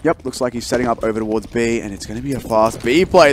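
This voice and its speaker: Excitable Australian esports caster. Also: male voice, fast, hardly any pauses, background noise. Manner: excitable, rising in pitch and volume at big plays. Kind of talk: play-by-play commentary. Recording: loud game gunfire behind.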